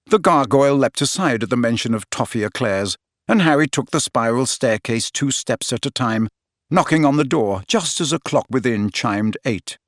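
A man narrating a story in a steady, expressive reading voice on a close microphone. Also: medium pitch, normal speed, no echo. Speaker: audiobook narrator. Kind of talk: scripted narration.

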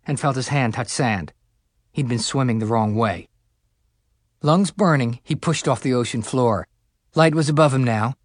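Expressive male audiobook narrator. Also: no echo, studio quality. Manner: expressive, rising higher for the hero's dialogue. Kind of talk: scripted narration.

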